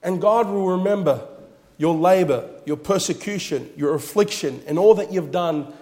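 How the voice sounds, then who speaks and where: A man's voice: high voice, moderate pace, a little mellow, long reverb tail. A man preaching a sermon with emphatic repetition, reading scripture passages aloud. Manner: emphatic, repeats phrases, reads scripture aloud.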